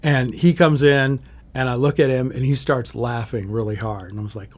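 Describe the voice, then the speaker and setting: A man's voice: medium pitch, steady tone, moderate pace. A middle-aged man, a TV meteorologist, chatting casually and telling stories, often restarting his sentences. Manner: rambling, self-correcting storyteller. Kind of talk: casual interview chat.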